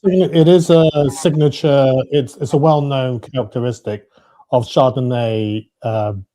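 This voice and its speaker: Uk guy talking champagne notes, warm mellow voice, lots of ums. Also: medium pitch, fairly even intonation, a little slow. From United Kingdom. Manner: explains wine tasting notes, many fillers. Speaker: guest on a watch talk show. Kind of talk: casual chat on a video call.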